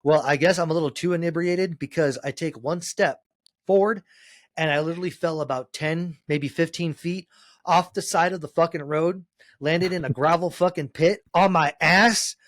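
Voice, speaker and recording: A man's voice: moderate pace, no room sound. Profane, rambling ex-wrestler man. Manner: profane, rambling storyteller, gets loud and high when excited. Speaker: podcast guest, former pro wrestler. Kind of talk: casual storytelling chat.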